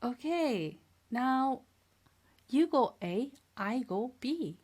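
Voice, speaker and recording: A woman teaching a beginner language lesson, speaking slowly and clearly, repeating each word and praising the learners. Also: high-pitched, very animated, darkish tone. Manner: patient, drills words twice and praises learners. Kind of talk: slow, clear classroom instruction.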